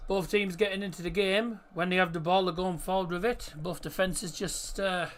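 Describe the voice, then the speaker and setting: A man's voice: sits high, steady tone, moderate pace, fairly bright tone. A man hosting a livestream, casually talking through a football match as it happens, chatty and reactive, sometimes stumbling over player names. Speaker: livestream host. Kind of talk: casual live match commentary.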